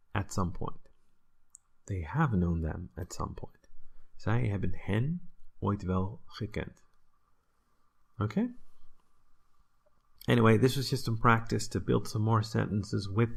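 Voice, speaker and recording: Guy teaching a lesson, deep voice, kinda husky, lots of "right?". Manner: explains patiently, with fillers and rhetorical "right?". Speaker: language teacher. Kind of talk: casual online lesson.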